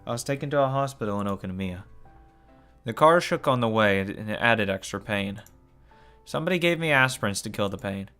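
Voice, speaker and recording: Casting: casual let's-play reader, a man with an animated, swinging delivery. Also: fairly low pitch, fairly quick, clear, resonant tone, soft background music. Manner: swears and comments between lines. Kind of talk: reading a visual novel aloud with reactions.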